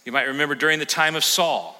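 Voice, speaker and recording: A male pastor preaching a sermon in a church, animated and acting out the voices of scripture. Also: a little high, quick pace, in a large hall, low-quality recording. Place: church sanctuary.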